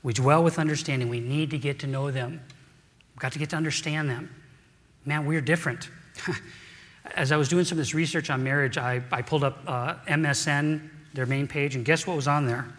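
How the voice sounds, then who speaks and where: Conversational preacher in a reverberant hall. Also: male voice, fairly high pitch, fairly even intonation, normal speed, fairly bright tone. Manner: conversational, addresses men directly. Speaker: pastor. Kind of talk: sermon.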